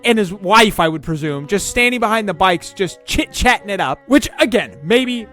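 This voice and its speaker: An online commentator in a casual video, excitable and stammering, firing off rhetorical questions. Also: mid-range voice, normal speed, faint music behind.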